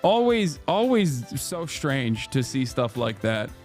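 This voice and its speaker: A man in his thirties giving sarcastic, incredulous livestream commentary on posts, jumping to sudden high exclamations. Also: very animated, slow, darkish tone, soft background music. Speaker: streamer reacting to posts.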